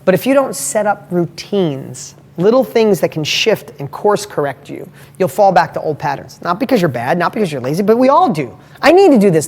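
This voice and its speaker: A middle-aged man hosting a live motivational strategy talk, telling stories bluntly and emphatically and swearing casually. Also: high voice. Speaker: host.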